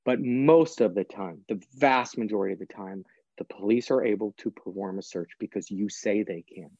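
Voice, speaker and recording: A man's voice: fairly low pitch, moderate pace, creaky, darkish tone, dry recording, highs cut off. A man, a guest author and prosecutor, explaining practical steps in an earnest, plain-spoken way during a podcast interview.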